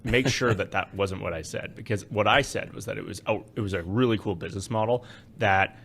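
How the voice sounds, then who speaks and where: A man co-hosting a finance podcast, talking in casual chat, wry and animated as he explains with frequent fillers. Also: lowish voice, fairly quick, creaky, a little hiss or hum. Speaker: podcast co-host, investment adviser.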